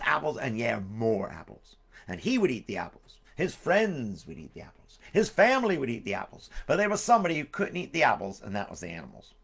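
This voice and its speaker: Jokey man telling stories, gravelly voice. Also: medium pitch, pushed and bright. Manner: jokey, rambling asides. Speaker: storyteller. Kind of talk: live-streamed storytelling for kids.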